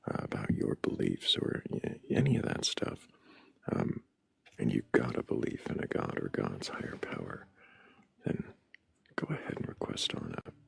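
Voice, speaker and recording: Host, man with a soft Southwestern accent, rumbling ultra-low voice and rough husky tone. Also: huge pitch swings, normal speed, dry recording. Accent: ambiguous Southwestern US. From Texas, USA. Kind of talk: casual live-stream chat.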